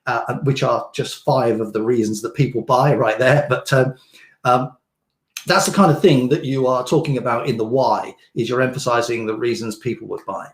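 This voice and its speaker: A man teaching a live session in a loose, rambling way, stopping and restarting his sentences and filling gaps with "um" and "you know". His voice sits at an ordinary middle pitch. The room around him rings with a noticeable echo. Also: steady tone, moderate pace. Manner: casual, rambling explanations with many fillers and restarts. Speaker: online business coach. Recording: roomy echo.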